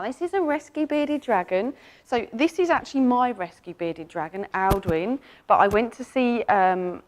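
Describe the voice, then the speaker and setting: An animal communicator, giving a lively, enthusiastic presentation and telling stories about pets to an audience. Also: female voice. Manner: animated, enthusiastic storytelling with sudden jumps up in pitch.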